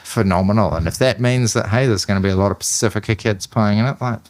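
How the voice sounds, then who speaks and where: A man's voice: fairly low pitch, fast talker, no echo. A man with a New Zealand accent hosting a podcast, sharing earnest and enthusiastic opinions in a rambling, casual way. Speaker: podcast host. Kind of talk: casual chat.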